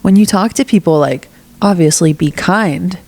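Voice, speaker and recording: A woman's voice: fairly low pitch, normal speed. Candid young woman with a stuffy nose. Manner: candid, animated, swears casually, acts out quoted lines. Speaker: podcast host. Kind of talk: casual solo podcast monologue.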